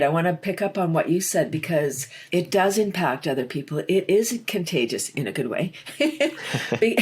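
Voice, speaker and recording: Enthusiastic husky woman guest. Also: fairly low pitch, darkish tone. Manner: enthusiastic, laughs often, acts out quotes. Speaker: podcast guest, laughter yoga teacher. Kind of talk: casual interview chat.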